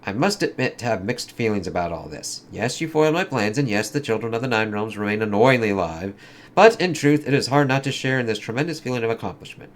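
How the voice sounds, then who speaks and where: A man's voice: medium pitch, lively intonation, fast, lightly acted. A man voicing a grandiose, mocking male villain from a comic, read with lofty theatrical phrasing.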